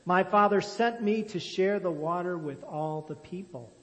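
A calm, kind young man from a storybook tale, as a male reader puts him on. He speaks gently and patiently in a slightly high voice, with a long echo from the hall. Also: a little slow.

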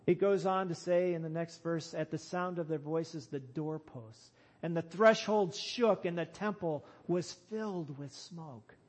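A man with a high voice preaches a sermon at a deliberate, unhurried pace. He leans hard on key phrases and lifts into loud calls. His delivery is earnest and emphatic. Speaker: pastor.

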